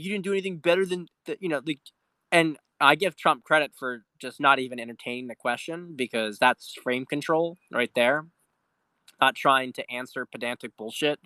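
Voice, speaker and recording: A man talks through a casual political livestream, reading viewer questions and rambling as he goes. His voice is bright and forceful. He swears freely and restarts his sentences. The recording is dry and close, with no room sound. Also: medium pitch, no echo. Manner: rambling, profane, repeats words and restarts; reads viewer questions aloud. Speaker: livestream host.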